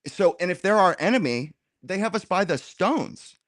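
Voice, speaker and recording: A man in a casual political roundtable debate, talking in an animated, argumentative way and dropping slang as he makes his point. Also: high-pitched, normal speed, dry recording, studio quality. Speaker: roundtable guest.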